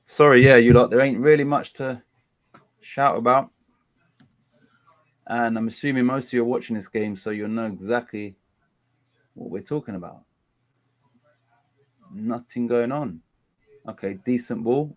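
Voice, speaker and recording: A man, hosting a casual live watchalong of a football match. He complains about dull play and gets excited during attacks. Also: medium pitch, moderate pace, long pauses. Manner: chatty, groans at a dull game, excited bursts at attacks. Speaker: watchalong host.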